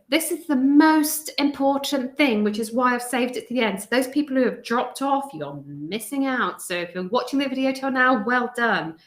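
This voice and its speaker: A woman, a stress coach giving a live video talk to an online group from her home, chatty and prone to digressing and interrupting herself. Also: a little high. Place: home room indoors, windows rattling in a storm. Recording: echoey room.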